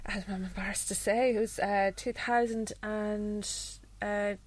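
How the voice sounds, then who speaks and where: A woman chatting on a podcast, hesitant and filling pauses with ums and uhs. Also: medium pitch, steady tone. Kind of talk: casual chat.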